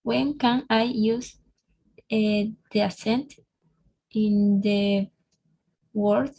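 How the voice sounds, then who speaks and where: A woman's voice: mid-range voice, fairly even intonation, very slow, warm tone, low-quality recording. A woman student whose first language is Spanish, speaking English with a Spanish accent, hesitant and searching for words in an online lesson.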